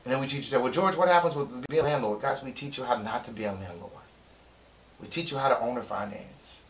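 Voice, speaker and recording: A middle-aged man, coaching on a live stream, excitable, repeating key points for emphasis. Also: mid-range voice, quick pace, slight background noise. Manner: breaks into loud shouting impressions. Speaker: real estate coach. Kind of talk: live-stream sales pitch.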